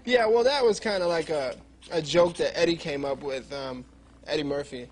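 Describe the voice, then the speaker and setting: A man's voice: fairly high pitch, normal speed. A man being interviewed as a comedian guest on a talk show, talking in a loose, easygoing way and laughing often. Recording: live studio with audience noise. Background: live studio audience laughter.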